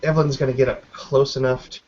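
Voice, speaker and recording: A man's voice: medium pitch, little pitch movement, fast talker, a little mellow, faint music behind. Hesitant man narrating a tabletop game. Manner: hesitant, many fillers and hedges. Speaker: player. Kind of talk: tabletop role-play narration. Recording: dull lo-fi with faint noise.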